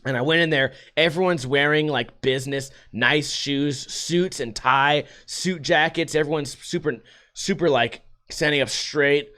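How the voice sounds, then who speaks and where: A young man from Las Vegas rants to his podcast audience with a slightly high voice. He swears freely and keeps slipping into other people's voices to act out little scenes. The talk is loose and unscripted, like a story told to friends. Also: a little slow. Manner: profane, animated, acts out quotes in other voices. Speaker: podcast host. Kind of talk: casual storytelling rant.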